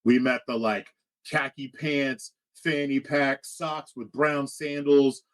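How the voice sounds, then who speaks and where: A man in his forties from the United States, telling a story as a podcast co-host in crude, animated casual chat. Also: medium pitch, slow, poor audio.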